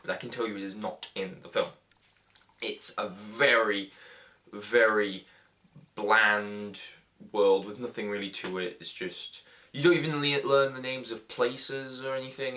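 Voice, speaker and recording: Young male film reviewer, bright tone, sarcastic and rambling, casual delivery. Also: lowish voice. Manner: rambling, sarcastic, frequent fillers and restarts.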